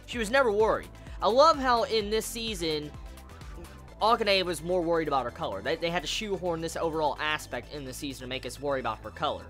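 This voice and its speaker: A woman's voice: low voice, a bit bright. A woman reviewing an anime episode in a profane, exasperated rant, often stumbling over and repeating her words.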